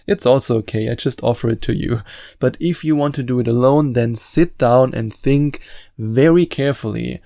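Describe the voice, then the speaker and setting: Male motivational podcast host, earnest and persuasive, gravelly with a dry close-mic sound. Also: medium pitch, moderate pace, mellow, no echo. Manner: earnest, emphatic, persuasive delivery. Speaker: podcast host and manifestation coach.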